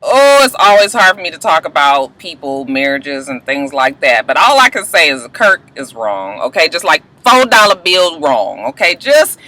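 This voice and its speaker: A woman's voice: low-pitched, very animated, normal speed, few pauses, pushed and bright, no room sound, poor audio. Sassy chatty woman recapping TV. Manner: chatty, sassy, swears freely, acts out quotes in voices. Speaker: reality TV recap vlogger. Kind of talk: casual rambling recap.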